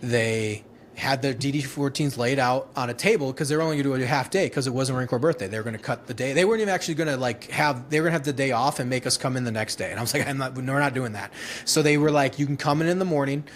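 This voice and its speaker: A man's voice: medium pitch, rapid-fire. A man in his thirties, a former Marine infantryman, telling stories in a casual interview, rambling and profane, with many restarts and laughs.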